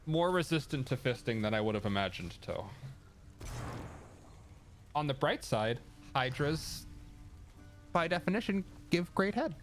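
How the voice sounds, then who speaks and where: A man's voice: on the high side, very animated, a little slow, pauses often. Joking man streaming a game over music. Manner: joking, chatty, self-deprecating. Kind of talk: casual gameplay commentary. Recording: game music playing clearly behind.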